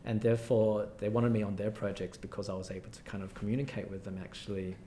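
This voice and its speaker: An Australian man talks quickly and loosely as an interview guest, circling back with "you know" and false starts. His voice sits fairly low. A faint rumble hangs in the background. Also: level tone, warm tone, reverberant. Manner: rambling, many fillers and restarts. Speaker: guest architect. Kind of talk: casual interview talk.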